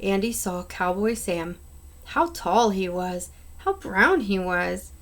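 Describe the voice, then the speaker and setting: A woman's voice: mid-range voice, expressive, slow pace, a bit bright. A woman reading children's picture books aloud in an unpolished way, with small slips. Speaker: reader.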